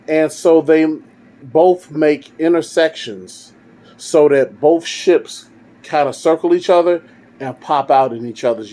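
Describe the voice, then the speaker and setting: A man's voice: medium pitch, mellow. Rambling man telling a story. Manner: rambling, with fillers and restarts. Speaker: fan fiction storyteller. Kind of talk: casual storytelling.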